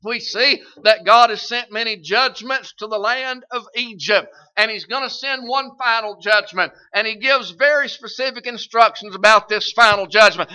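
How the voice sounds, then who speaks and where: High, bright-voiced preacher man. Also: normal speed, lo-fi sound. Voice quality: folksy, conversational preaching with emphatic swells. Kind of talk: sermon.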